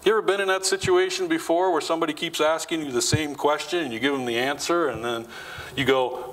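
Higher-voiced man preaching a conversational sermon. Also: lively intonation, a little fast, a bit bright, rough recording. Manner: conversational, asks the congregation questions; acts out quoted lines with rising pitch. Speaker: pastor. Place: church.

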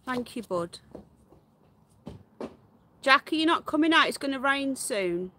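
A woman's voice: sits high, expressive, unhurried, pushed and bright, slight background noise. A woman hosting a live stream from her garden, chatting casually, greeting viewers by name and calling out to her pets. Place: garden outdoors.

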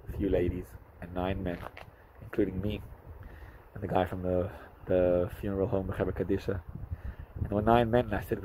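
A man, a rabbi, telling a story to camera in an animated way, with hesitant restarts and fillers. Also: slight background noise, poor audio. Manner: animated, jumps up in pitch for quoted speech.

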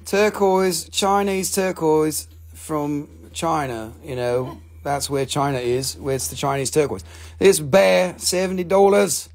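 Joking, profane man with a high voice. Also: slow pace. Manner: joking, profane, rambling salesman. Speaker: live stream mineral seller. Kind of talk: casual live sales chat.

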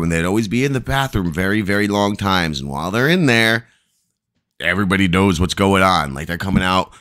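A man's voice: low-pitched, fairly bright tone. A man hosting a live stream, telling a long, rambling story full of profanity.

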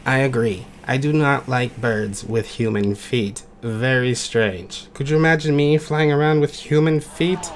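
A man hosting and judging a talent show in an animated game skit, in a playful, wry way. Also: mid-range voice, a little slow, hardly any pauses, background noise. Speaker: talent show judge and host.

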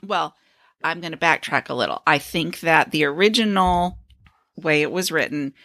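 A woman co-hosting a pop culture podcast, giving measured opinions in casual chat. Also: sits low, fairly bright tone, dry recording, studio quality. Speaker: podcast co-host.

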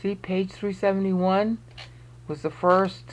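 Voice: medium pitch, steady tone, slow, slight background noise. A presenter narrating a screen-recorded walkthrough, thinking aloud while searching on screen and making pointed, emphatic remarks. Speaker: video presenter explaining research.

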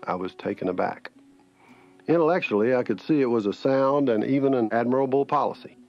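A man's voice: medium pitch, brisk. An older man with a Southern accent reading a wry, folksy essay in scripted narration. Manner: wry, folksy, dry humor. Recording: slightly muffled, faint music.

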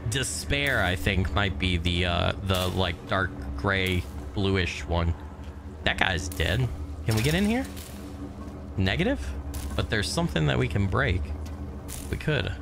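A man casually commentating his game on a live stream, greeting viewers by name and swearing offhandedly, his voice a little hoarse from recovering. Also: low-pitched, expressive, unhurried, noisy background. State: voice still recovering, slightly hoarse. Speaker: gaming streamer.

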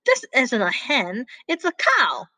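A woman's voice: high voice, wildly swooping pitch, slow, bright, forceful tone, dry recording, voice pushed up, heavily acted. A woman voicing a hungry father wolf who scolds and orders his son around. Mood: scolding. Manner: scolding, bossy.

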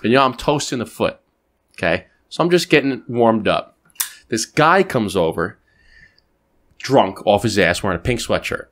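A man hosts a casual podcast and spins a story with a lively voice that climbs and falls through every sentence. He swears freely and keeps the tale moving with quick asides. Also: on the low side. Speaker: podcast host.

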